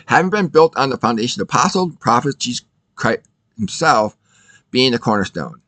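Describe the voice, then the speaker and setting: A man teaching in a casual video, his voice bright and forceful. His pitch rises and falls in a lively way as he drives points home with rhetorical questions. The sound is close and dry, with no room echo. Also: moderate pace. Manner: emphatic, rhetorical questions, repeats himself. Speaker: Bible teacher.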